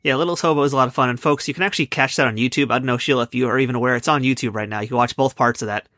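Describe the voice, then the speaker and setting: American guy hosting a podcast, talks quick, bright voice, dry close sound. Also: mid-range voice, fairly even intonation, no echo. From United States. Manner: enthusiastic, complimentary interviewer. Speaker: podcast host. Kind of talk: casual interview chat.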